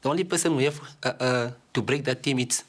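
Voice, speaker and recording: A man's voice: medium pitch, fast talker. Male footballer, casual reflective interview, mid-range voice. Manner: casual, relaxed, fillers like you know. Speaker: football player.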